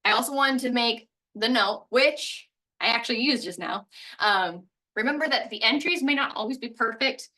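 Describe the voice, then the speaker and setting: Woman language teacher, explanatory step-by-step delivery, bright tone, a bit high, somewhat off-mic. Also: moderate pace, recorded from a distance, rough recording. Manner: explanatory, walks through examples step by step. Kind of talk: recorded language lesson.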